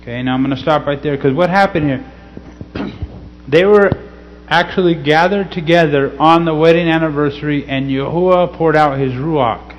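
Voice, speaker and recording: Guy teaching scripture, laid back, keeps saying okay, slightly dull recording with faint hum. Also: fairly high pitch. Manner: casual, keeps checking in with "okay?"; slow, deliberate scripture reading. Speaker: pastor.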